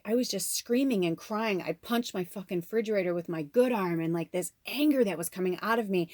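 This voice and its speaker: Female tarot vlogger, candid and emotional, middle pitch, dry sound. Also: darkish tone, no echo. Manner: candid and emotional, swears freely. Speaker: tarot reader and channel host. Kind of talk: casual spiritual vlog monologue.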